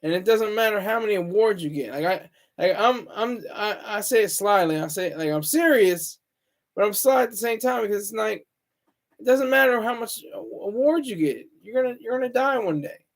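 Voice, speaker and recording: A man with a fairly high voice hosts his own stream and talks without a script. He wanders from point to point, stops to fix his own words and stumbles over his sentences, stating his opinions bluntly. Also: animated, a little fast, creaky. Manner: rambling, self-correcting, opinionated. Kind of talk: casual solo livestream monologue.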